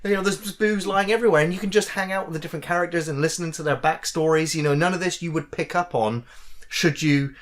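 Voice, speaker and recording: A man's voice: fairly high pitch, quick pace. Easygoing, chuckling male podcast host. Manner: easygoing, laughs often, leans on "you know". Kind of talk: casual gaming chat.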